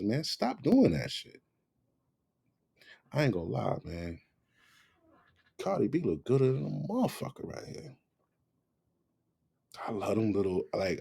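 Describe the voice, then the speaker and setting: Husky, animated man ranting profanely. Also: lowish voice. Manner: loud, profane, mocking. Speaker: reaction video host. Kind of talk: uncensored reaction commentary.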